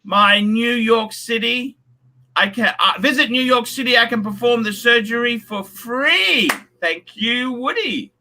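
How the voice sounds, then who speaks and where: Man, blunt profane livestream host, bright tense voice, fairly high. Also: lively intonation, measured pace, a little hiss or hum. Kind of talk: casual livestream chat, reading donations.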